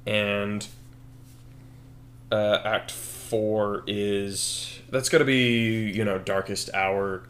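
A man with a fairly low voice co-hosting a podcast. He brainstorms in loose, casual chat and breaks into laughter a lot. He slips into acted-out bits of the story while he talks. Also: drawn-out words, a little hiss or hum. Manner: animated, laughing, acts out scenes. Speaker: podcast co-host.

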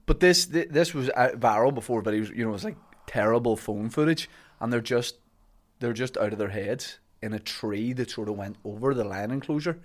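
Laid-back podcast host. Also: male voice, mid-range voice, a little fast. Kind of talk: casual chat.

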